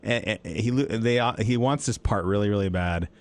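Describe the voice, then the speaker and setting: Low-voiced guy on a radio movie chat, lively, keeps acting out lines from films. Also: moderate pace. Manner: animated, acts out movie lines in bursts of raised voice. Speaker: radio movie show co-host. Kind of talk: casual chat.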